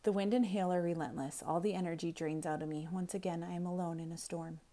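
A woman teacher reading a novel aloud, expressive, quiet and intense. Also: fairly low pitch, fast.

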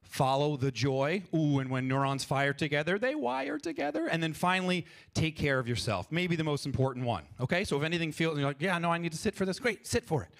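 A man leading a live audience through an improv warm-up on a festival stage, playful and energetic, coaching them through each step. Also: fairly high pitch, fast, gravelly, hardly any pauses. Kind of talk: stage workshop talk with freestyle rap.

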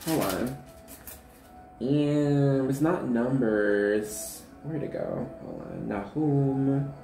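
Twenties female tarot reader, casual and playful, very animated pitch, roomy echo. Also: drawn-out words, creaky, soft background music. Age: 20s. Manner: chatty, laughing, slangy. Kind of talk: casual tarot reading chat.

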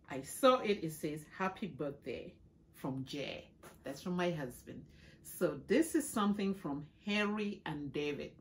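A middle-aged woman chatting casually in a home vlog, exclaiming excitedly while she opens gifts. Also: fairly low pitch, a little hiss or hum. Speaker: vlogger.

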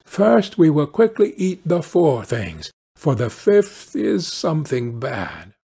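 A cunning little peasant, eager and knowing, as a man reads him aloud. He speaks a touch higher than an ordinary telling voice, slow and husky. Told like a storybook audiobook. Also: big pitch swings, dark tone, heavily acted. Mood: sly, eager. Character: cunning little male peasant, smug trickster.

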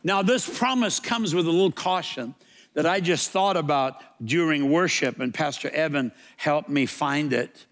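A man delivering a Sunday sermon in a church sanctuary. His voice sits a little higher than most men's, and he leans into slow, emphatic repetitions of his main point. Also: fairly bright tone. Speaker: pastor.

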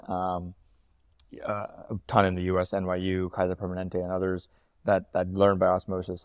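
A man in his thirties, a company founder talking as an interview guest, quick and fluent with frequent ums and uhs. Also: sits low, darkish tone, dry recording, studio quality. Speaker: startup founder and CEO, guest. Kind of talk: casual interview talk.

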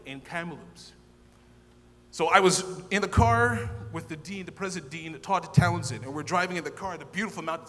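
Man, minister, personal testimony, animated storytelling, bright voice, long hall echo. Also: a little high. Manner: animated storyteller who acts out dialogue. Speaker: ordained minister sharing testimony. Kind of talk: personal testimony talk to a gathering. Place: large hall at a church gathering. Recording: long hall reverb with faint hum.

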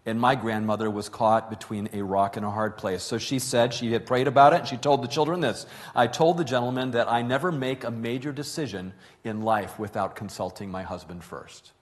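A man's voice: mid-range voice, fairly quick, few pauses. A middle-aged man preaching, telling a family story in an earnest way that builds to emphatic stretches. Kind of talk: sermon storytelling.

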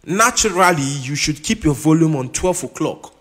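A man teaching keyboard in a casual, halting way, often stopping to check that the listener understands. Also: on the high side, lively intonation, a bit bright, slightly rough. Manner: keeps checking in with "you understand?"; halting, with restarts and repeated words. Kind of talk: casual instructional talk. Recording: long reverb with keyboard music behind.

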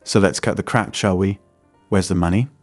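Snarling middle-aged loan-shark villain, low and dry, read by a male narrator for an audiobook story. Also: fairly even intonation, moderate pace, no echo, soft background music. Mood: menacing. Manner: snarling, threatening.

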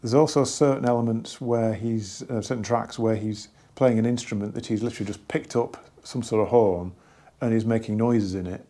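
Husky low-voiced man rambling about records. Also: steady tone, mellow. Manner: rambling and enthusiastic, many pauses and restarts. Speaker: record collector reviewing an album. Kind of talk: casual hobby vlog.

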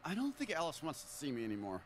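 An actor playing an earnest, soft-spoken teenage boy musician who hesitates and stammers. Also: fairly high pitch, huge pitch swings, fast, slight background noise.

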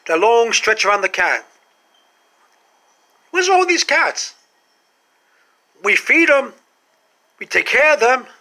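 A man with a high, bright voice delivers an animated comic monologue straight to camera. He keeps firing rhetorical questions and pauses for effect. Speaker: vlogger.

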